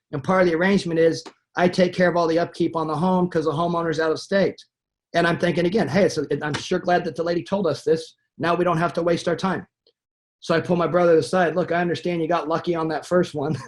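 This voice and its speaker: A man with a slightly raised speaking pitch tells a long sales story on a webinar. He talks in an animated, anecdotal way and acts out the quoted dialogue as he goes. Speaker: sales trainer.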